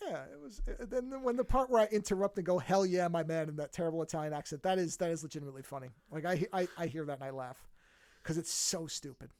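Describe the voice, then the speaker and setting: Guy with a high voice rambling on a podcast, laughs at his own bits, dry close sound. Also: fast, darkish tone, dry recording. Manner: rambling, self-amused, many restarts. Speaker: podcast co-host. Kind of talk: casual chat.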